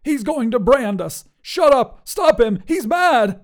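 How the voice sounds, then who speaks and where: A man voicing a whiny, fussy male wizard who was turned into a table, speaking in a shrill, panicky, pleading way. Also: animated, slow pace, darkish tone, smooth.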